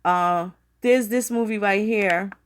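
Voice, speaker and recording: A woman's voice: medium pitch, slow pace, a little hiss or hum. A woman hosting a casual livestream. She rambles and swears freely, talking straight to her viewers as she works at her computer. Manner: rambling, profane, conversational, addresses viewers directly. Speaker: channel host.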